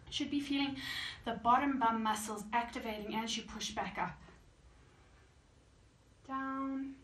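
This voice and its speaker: Slow-paced woman leading a yoga class. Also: high-pitched. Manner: calm counting cues while exercising. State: slightly out of breath. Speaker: yoga teacher. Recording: echoey room, mic far off, faint hiss.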